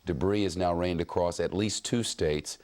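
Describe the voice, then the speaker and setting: A man anchoring live breaking news coverage in a somber, deliberate way, with some fillers. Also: low voice, a little mellow.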